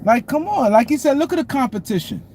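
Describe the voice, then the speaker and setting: A man's voice: very high-pitched, lively intonation, fast, dark tone, a little hiss or hum. A man hosting a casual sports talk stream, repeating points and greeting viewers by name. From New York City. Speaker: show host. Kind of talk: casual sports commentary livestream.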